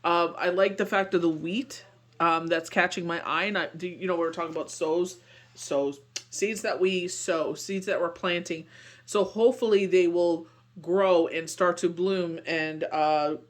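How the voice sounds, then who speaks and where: Tarot reader, male, high voice, rambling and reassuring, casual. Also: fairly even intonation, unhurried, fairly bright tone. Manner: rambling, heavy on "you know" and "like"; earnest and reassuring. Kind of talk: casual daily tarot reading.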